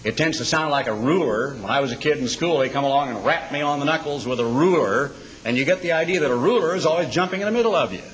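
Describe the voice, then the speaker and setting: A man preaching a sermon in a dramatic style, slowing down to recite scripture. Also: a little high, lively intonation, a bit bright, low-quality recording.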